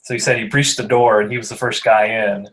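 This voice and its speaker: A man's voice: lowish voice, level tone, brisk, a bit bright, rough recording. A man telling a long story in a rambling casual chat, often saying "like". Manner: rambling, heavy on "like".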